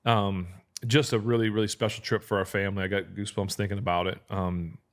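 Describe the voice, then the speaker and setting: A man's voice: on the low side, level tone, fast talker. A man in his thirties hosting a casual podcast chat, talking earnestly with frequent restarts and fillers. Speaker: podcast host.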